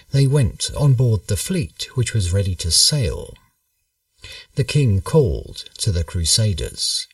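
A man reading a history story aloud as a measured, storytelling narrator. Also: mid-range voice, no room sound, distant mic. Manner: slow, measured, lively storytelling.

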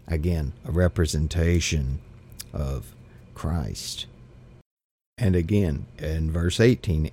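A man's voice: rumbling low, a little slow, a little mellow, slightly rough. A man teaching a Bible study, reading scripture aloud and commenting with emphatic repetitions and restarts.

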